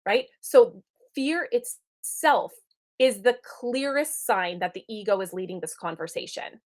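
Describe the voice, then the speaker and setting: A woman's voice: a little high, expressive, measured pace, darkish tone. A woman in her thirties giving an earnest, conversational spiritual teaching talk. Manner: earnest, conversational, checks in with "right?".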